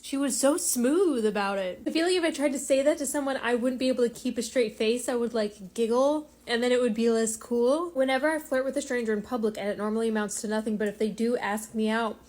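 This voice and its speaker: A woman telling a funny personal story in a chatty, self-mocking way, with quick asides. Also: on the high side. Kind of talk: comedic storytime monologue.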